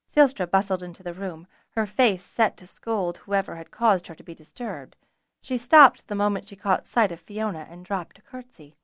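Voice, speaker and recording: Woman audiobook narrator, measured, mid-pitched, dry close sound. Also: a bit bright, no echo. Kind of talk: scripted narration.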